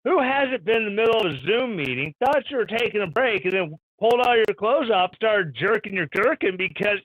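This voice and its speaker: Animated, high-voiced sarcastic male streamer. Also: fairly quick, few pauses, no room sound. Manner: sarcastic, irreverent, ranting. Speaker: live stream host. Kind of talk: sarcastic news commentary. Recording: dull lo-fi stream audio.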